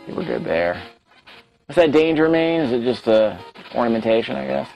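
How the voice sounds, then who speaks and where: A man's voice: medium pitch, big pitch swings, fairly quick, creaky, highs cut off, faint music behind. A man giving casual, self-critical commentary as he plays a retro game, talking to himself. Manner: chatty, self-critical, talks to himself while playing. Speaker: let's play host.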